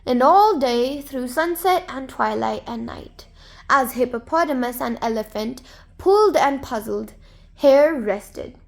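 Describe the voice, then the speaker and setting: A woman narrating a folktale to children in a gentle, expressive storybook manner. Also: sits high, measured pace, creaky.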